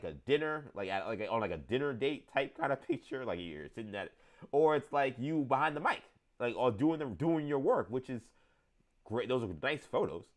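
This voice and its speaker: A man in his thirties hosting a live show, talking casually, rambling with many fillers and restarts while reading the chat. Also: lowish voice. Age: 30s. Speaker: show host.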